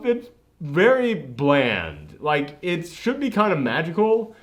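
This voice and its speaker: A man's voice: on the high side, wildly swooping pitch, slow pace. A man hosting a casual movie reaction chat, retelling scenes with animation and acting out the characters' lines. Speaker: podcast host.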